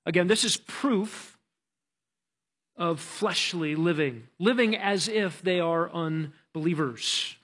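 A man's voice: high voice, slow, fairly bright tone, slightly rough. A man preaching a sermon as pastor, earnest and emphatic, often restarting his words.

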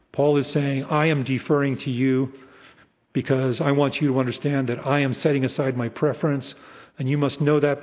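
A man's voice: mid-range voice, darkish tone, slightly rough, big-room sound. A male pastor giving an earnest expository sermon and stressing his points by repeating them. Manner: earnest, emphatic repetition.

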